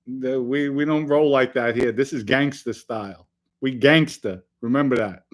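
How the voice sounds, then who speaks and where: Reading live chat as a podcast host, a middle-aged man runs a casual live stream, chatting loosely with viewers in an even, mid-range voice at a moderate pace. He jokes around and now and then breaks into sudden loud bursts.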